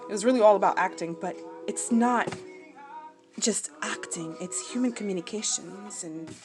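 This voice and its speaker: A woman in her forties from New Jersey, chatting casually and self-mockingly while she sews, rambling off on side stories. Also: medium pitch. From New Jersey, USA. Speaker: crafting vlogger. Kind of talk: casual chat while sewing. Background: background music.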